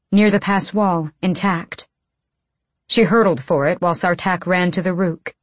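A woman's voice: fairly low pitch, no room sound. A woman reading an audiobook in tense, clipped bursts of phrasing. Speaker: audiobook narrator. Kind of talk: scripted audiobook narration.

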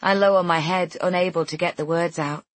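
A woman narrating a first-person novel in a measured, intimate way. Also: fairly low pitch, steady tone, no room sound. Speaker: audiobook narrator.

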